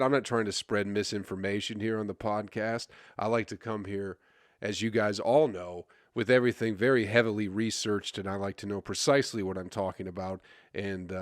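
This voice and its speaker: A man's voice: lowish voice, dry recording, clean studio sound. A male comedian hosting his own podcast, rambling in a crude, self-mocking casual monologue full of fillers and stumbles. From USA.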